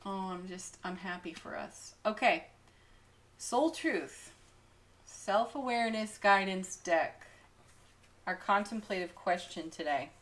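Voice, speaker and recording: A woman reading tarot cards at an unhurried, leisurely pace, her voice pitched in an ordinary middle range. She often breaks into small giggles and gushes over the cards. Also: animated. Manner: frequent giggles, warm enthusiastic exclamations. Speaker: tarot reader. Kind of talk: daily tarot card reading.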